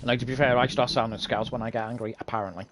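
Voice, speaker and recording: A speaker in a casual gaming chat, chatty and quick with jokey asides. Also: mid-range voice, fairly even intonation, background noise.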